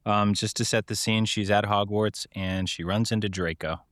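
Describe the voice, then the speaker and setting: Young man, lowish voice, dry close sound, chatty podcast co-host, laughs a lot. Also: fairly even intonation, normal speed, fairly bright tone, dry recording. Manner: chatty, laughs often, acts out quotes in exaggerated voices. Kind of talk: casual podcast chat.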